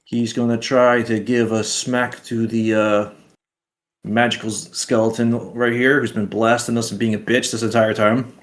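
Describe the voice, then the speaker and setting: A man's voice: medium pitch, little pitch movement, normal speed. Hesitant man playing a tabletop game. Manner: hesitant, chatty. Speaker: player.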